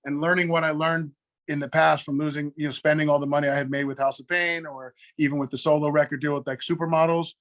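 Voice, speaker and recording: A guest, a middle-aged man, speaks in a fairly high, slightly bright voice with a level tone. He rattles through a lengthy, profane story in conversation, voicing both ends of phone calls in quick quoted exchanges.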